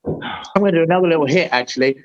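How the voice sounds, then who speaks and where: A man's voice: fairly high pitch, racing, no echo, dull audio. A man hosting a casual hot sauce tasting chat, swearing and groaning from the heat. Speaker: host.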